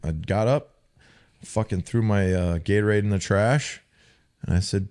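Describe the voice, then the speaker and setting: Man, podcast co-host, casual chat, profane sarcastic storytelling, fairly low voice. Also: measured pace, long pauses, a little mellow, smooth. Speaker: podcast co-host, former football player.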